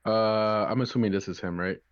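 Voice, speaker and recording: A man's voice: fairly low pitch, steady tone, brisk, smooth, muffled recording. A man playing a tabletop game, asking hesitant questions with lots of "uh". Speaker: player. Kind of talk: casual tabletop game chat.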